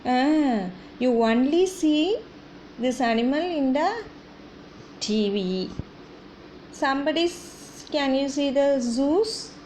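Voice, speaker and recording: A woman teaches little ones animal sounds in a very slow, coaxing sing-song. Her voice sits high and swoops widely as she asks questions and imitates the animals. A faint hiss runs under the recording. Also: expressive, darkish tone. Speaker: kindergarten teacher.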